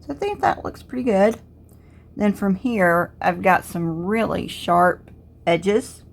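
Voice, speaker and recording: A woman's voice: mid-range voice, slow, gravelly. A middle-aged woman with a Southern US accent who talks through a crafts tutorial step by step and thinks aloud as she works. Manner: relaxed, thinking aloud while working. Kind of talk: casual step-by-step tutorial narration.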